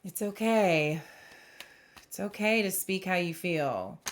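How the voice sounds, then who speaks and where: Slow, musing woman reading tarot. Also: lowish voice. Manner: slow, musing, reassuring, with emotional exclamations. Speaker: tarot reader. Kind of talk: intuitive tarot reading to camera.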